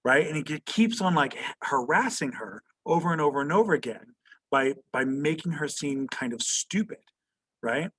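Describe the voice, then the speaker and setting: A man's voice: fairly high pitch, expressive, normal speed, fairly bright tone, husky. Male history teacher leading a video-call class; questioning, checks in with "right?" constantly. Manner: asks students questions, tags "right?" often. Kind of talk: online class lecture.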